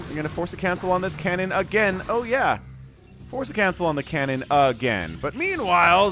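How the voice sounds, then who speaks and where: An excitable man commentates a strategy game live, his pitch swinging high and low as the action heats up. He talks in a chatty, casual way, with faint music playing underneath. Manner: excitable, chatty, reads out viewer chat. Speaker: game caster.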